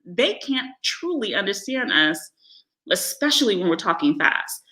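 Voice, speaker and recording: Bright, candid African American woman vlogger. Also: mid-range voice, measured pace, low-quality recording. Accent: African American English. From United States. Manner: candid, laughs often, animated impressions. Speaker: vlogger living abroad. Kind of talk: casual live-stream monologue.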